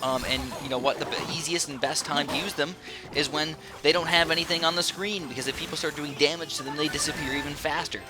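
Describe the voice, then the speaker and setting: Excitable male gameplay commentator, rapid and rambling, slightly higher voice, with music clear under him. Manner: excitable, with sudden exclamations; rambling, with many fillers. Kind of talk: casual game commentary. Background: background music.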